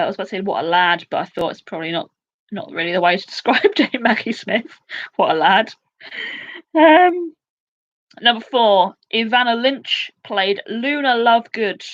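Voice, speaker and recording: A woman in her twenties hosting a casual live quiz, chatty and excitable, with quick asides. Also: medium pitch, highs cut off. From United Kingdom. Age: 20s. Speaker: quiz host.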